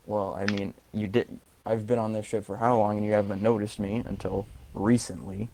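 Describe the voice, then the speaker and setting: A man's voice: on the low side, level tone, normal speed, mellow. A man playing a tabletop game who talks hesitantly, jokes and swears. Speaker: player. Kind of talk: casual tabletop play.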